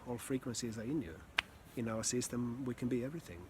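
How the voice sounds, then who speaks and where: Calm, earnest male voice coach. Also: medium pitch, noisy background. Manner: calm, earnest, slow with pauses, occasional sighs and soft laughs. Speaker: communication and voice coach. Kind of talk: reflective teaching talk.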